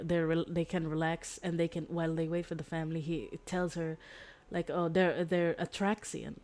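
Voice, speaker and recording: A woman's voice: on the low side, a little mellow. A woman streamer casually retelling a story in a rambling way, with lots of fillers and restarts. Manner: rambling, filler-heavy, self-correcting.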